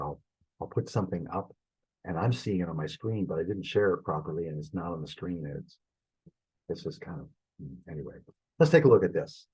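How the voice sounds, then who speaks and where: A man teaching an online beginners' Greek lesson, halting and thinking aloud, saying the Greek words slowly. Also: deep voice, mellow, slightly rough, low-quality recording. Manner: halting, thinking aloud while fumbling with screen sharing. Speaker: Greek instructor.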